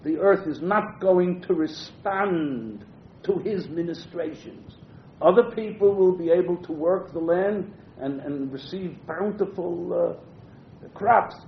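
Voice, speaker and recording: A man's voice: sits high, slow pace, gravelly, a little hiss or hum. Man teaching a Torah class, roomy. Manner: reads Hebrew verses then translates, frequent "uh" fillers. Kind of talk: text-based Torah class. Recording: muffled roomy classroom recording.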